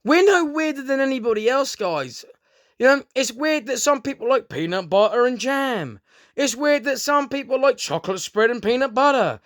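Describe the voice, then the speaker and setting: A man's voice: very high-pitched, expressive, moderate pace, fairly bright tone, no room sound, studio quality. A man ranting in a rambling, casual monologue, swearing a lot and often calling his listeners "guys". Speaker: vlogger. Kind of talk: casual unscripted monologue to camera.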